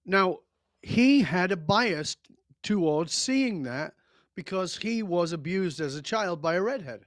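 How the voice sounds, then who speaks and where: A man with a fairly high voice talks as a guest on a podcast. He is blunt and emphatic and swears casually. The recording is dry and close. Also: lively intonation, slow, a bit bright, dry recording. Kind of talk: podcast interview.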